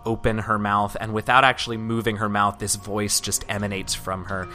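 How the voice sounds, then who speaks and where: A man's voice: lowish voice, flat delivery, moderate pace, sharp tone, faint music behind. A man narrating as game master of a tabletop game, describing scenes with some hesitant restarts.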